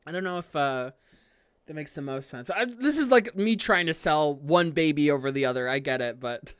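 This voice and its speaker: A streamer gives casual live commentary on an anime episode, rambling and gushing with many fillers, swearing freely and breaking into excited outbursts. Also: normal speed, clean tone, no room sound, clean studio sound. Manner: swings into excited high outbursts.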